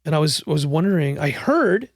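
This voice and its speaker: A woman's voice: deep voice, sing-song, normal speed, no room sound, clean studio sound, heavily acted. A man voicing a brash, larger-than-life woman landlord who talks in a breezy, sweet-talking way.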